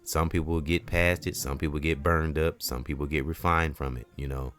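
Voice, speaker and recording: Host, male, very low voice, rambling preachy spiritual monologue. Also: fairly even intonation, moderate pace, fairly bright tone. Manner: preachy, loose and repetitive, many "you know"s. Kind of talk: casual spiritual talk.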